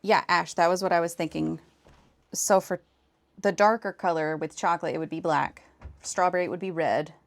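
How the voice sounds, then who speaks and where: A woman in her thirties with a low-key, even delivery, casually chatting with viewers while she crafts on a live stream. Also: moderate pace, vocal fry. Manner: thinks aloud and answers chat.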